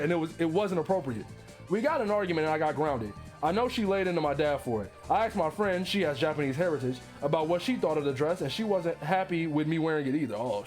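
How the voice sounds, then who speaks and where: High-voiced man ranting, laughing. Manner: profane, incredulous, laughs often. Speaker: streamer reacting to online posts. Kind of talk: casual reaction commentary, reading posts aloud.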